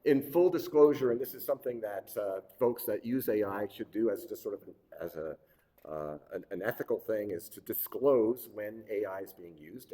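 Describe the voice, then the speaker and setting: A middle-aged man giving a relaxed, digressive workshop talk with frequent fillers and restarts. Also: medium pitch. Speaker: workshop presenter. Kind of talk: conversational lecture. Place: lecture hall. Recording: reverberant hall.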